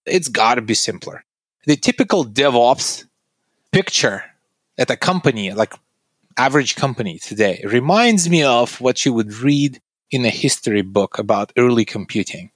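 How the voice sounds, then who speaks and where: A man's voice: expressive, normal speed, dry recording. Earnest male tech founder, dry sound. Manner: earnest, explanatory, pitching his product. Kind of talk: interview answers.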